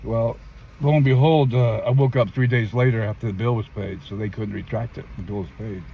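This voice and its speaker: A man's voice: fairly even intonation, brisk, creaky. An older man giving emphatic personal testimony in a street interview, acting out the people he quotes in his story. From California. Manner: emphatic storyteller who acts out quoted voices, often jumping high. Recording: dull lo-fi sound with faint traffic.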